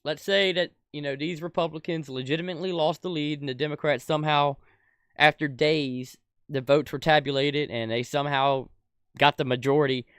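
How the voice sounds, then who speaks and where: A young adult man giving an angry, profane political rant as a commentator, swinging from shouted outbursts to low muttering. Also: fairly even intonation, moderate pace, smooth, no echo, clean studio sound.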